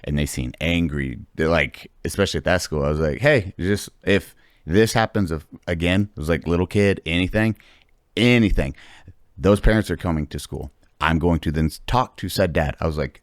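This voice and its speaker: A man in his thirties hosting a podcast, telling stories in casual chat with lots of swearing and loud acted-out quotes. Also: low-pitched, moderate pace, no room sound, studio quality. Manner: animated storytelling, heavy swearing, acts out quotes loudly. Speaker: podcast host.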